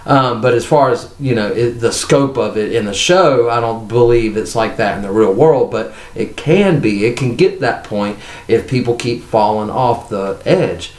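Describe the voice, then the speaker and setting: Man, review channel host, excited rambling chat, mid-pitched voice, roomy echo. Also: normal speed. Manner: enthusiastic, rambling, frequent restarts. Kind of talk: casual spoken review.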